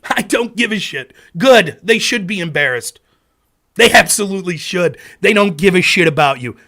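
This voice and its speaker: A man's voice: high voice, expressive, normal speed, bright, forceful tone. A man hosting a political commentary show, ranting in an angry, sarcastic and profane way.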